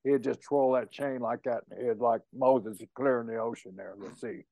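An older man, a retired wrestler, telling a slow, teasing story in a casual chat. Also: medium pitch, steady tone, vocal fry, mellow, dry recording. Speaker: retired pro wrestler, guest. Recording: dull, dry sound.

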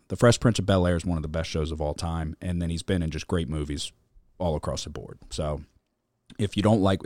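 Guy hosting a podcast, lowish voice, rambly and sweary, dry close sound. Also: a little mellow, no echo. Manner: rambling storytelling, heavy swearing, lots of filler. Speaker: podcast host. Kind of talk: casual chat.

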